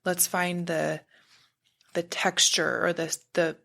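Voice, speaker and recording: A woman with a lowish, slightly bright voice speaks at a measured pace with fairly even intonation. She's a spiritual practitioner appearing as a podcast guest in casual conversation, wandering and searching for her words, sometimes buzzing to illustrate a point.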